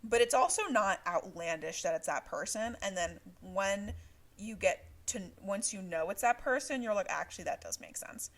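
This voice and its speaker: Woman, podcast co-host, casual book chat, laughs a lot, fillers, mid pitch. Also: moderate pace, a bit bright. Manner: chatty, laughs often, many fillers.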